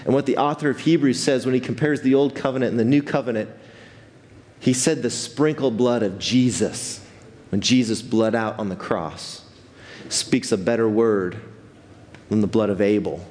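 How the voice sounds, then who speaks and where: Pastor giving a lively, chatty sermon in a church hall with a long echo, mid-pitched man's voice. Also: moderate pace. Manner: animated, conversational preaching with restarts. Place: church sanctuary.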